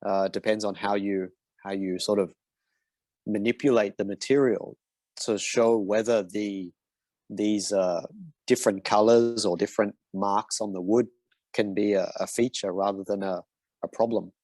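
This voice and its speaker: In a casual online Q&A, a man mentors others by answering design questions, sounding hesitant with many fillers and restarts. His voice is fairly low and darkish, steady in tone, at a moderate pace. The recording is dry.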